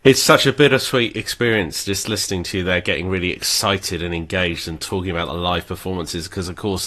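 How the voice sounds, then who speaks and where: Deep, bright West Country male host. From Devon, England. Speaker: show host. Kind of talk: casual live show hosting.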